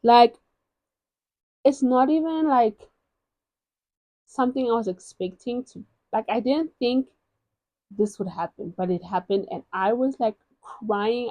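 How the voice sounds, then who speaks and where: South african lady gushing about sad books, expressive and dramatic, mellow tone, dry sound. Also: fairly high pitch, no echo, dull audio. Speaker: book reviewer. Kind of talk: casual chat. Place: at home, in a gown.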